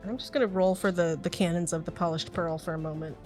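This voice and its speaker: A woman's voice: lowish voice, fairly even intonation, fast, darkish tone, faint music behind. A woman narrating as game master of a tabletop game, chatty and laughing often.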